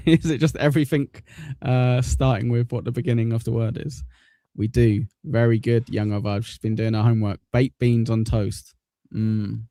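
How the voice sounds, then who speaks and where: A man's voice: mid-range voice, flat delivery, moderate pace, mellow. A man co-hosting a casual podcast. He laughs often and teases his co-host. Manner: laughs often, teasing and banter-heavy. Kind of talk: casual podcast chat reacting to clips.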